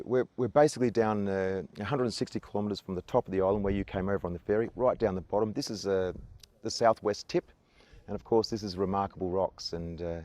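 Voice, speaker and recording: A man with a broad Australian accent talks like a friendly local guide, stopping for "uh" and starting his sentences over. His voice sits a little low and sounds close and dry, with no room echo. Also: darkish tone. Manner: easygoing, chatty, many "uh" fillers and self-restarts, jokey. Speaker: tour guide. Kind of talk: outdoor tour chat to camera. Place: outdoors on coastal rocks.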